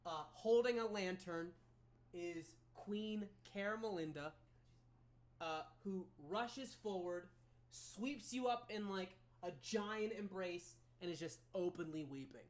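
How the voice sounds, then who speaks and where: A woman narrating as game master of a tabletop game, halting with many ums and restarts. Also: medium pitch. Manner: halting, filler-heavy narration.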